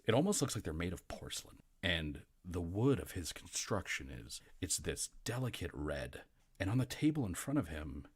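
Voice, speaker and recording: A man narrating a tabletop game as game master in vivid second-person description, with frequent restarts. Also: low voice.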